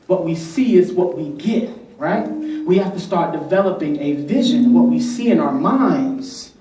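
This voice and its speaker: Brief: energetic male youth speaker, call-and-response, heard from afar in an echoey hall. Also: a little high, measured pace, distant mic. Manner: energetic, rhythmic, rallies the crowd. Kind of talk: motivational speech with call-and-response. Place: large conference hall.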